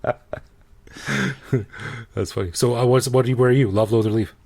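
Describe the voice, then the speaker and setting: A man's voice: medium pitch, fairly even intonation, normal speed, dark tone. A man hosting a podcast, talking in an easygoing, playful way and laughing often. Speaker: podcast host. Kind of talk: casual conversational podcast chat.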